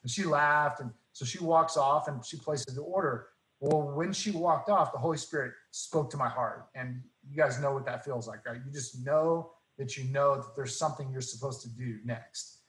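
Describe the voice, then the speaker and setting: A man's voice: mid-range voice, moderate pace. Earnest man in an echoey room. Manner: earnest, animated retelling with quoted dialogue. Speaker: guest. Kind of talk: casual faith talk, storytelling.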